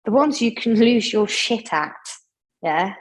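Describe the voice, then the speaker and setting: Breathy woman guiding a gentle yoga class. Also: mid-range voice, expressive, measured pace, rough recording. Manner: gentle, chatty instruction with asides. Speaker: yoga instructor.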